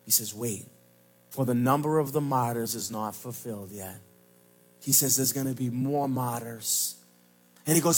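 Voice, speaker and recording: A man pastor preaching a sermon at a church service, swinging from shouted lines to low, slow emphasis. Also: breathy edge, soft background music.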